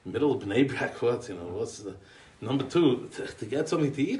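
An American man's expressive, medium-pitched voice, a little mellow, moves fairly quickly through a eulogy told as chatty anecdotes. He peppers his English with Yiddish and Hebrew yeshiva terms while rambling with restarts and chuckles. It's captured roomy on a distant mic.

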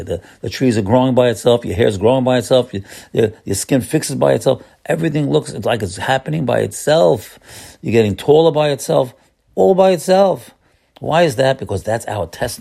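A man's voice: mid-range voice, gravelly, a little mellow. A man teaching an informal Torah class, talking in an emphatic, repetitive way with many restarts and Hebrew terms. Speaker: religious teacher.

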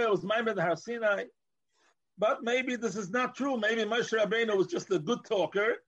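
A man's voice: high voice, a bit bright, dull audio. A man teaching a Torah class, explaining as he goes and mixing in Hebrew and Yiddish terms, with frequent restarts.

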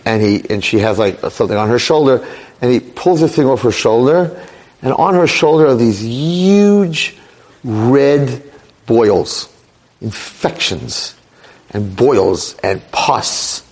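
A middle-aged male rabbi telling a dramatic story in a sermon, with animated delivery. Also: medium pitch, takes it slowly. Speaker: rabbi lecturer.

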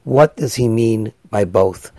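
A man's voice: lowish voice, slow, mellow, no room sound. A man, a rabbi, delivering an earnest sermon that weaves in a story and builds to raised, emphatic passages.

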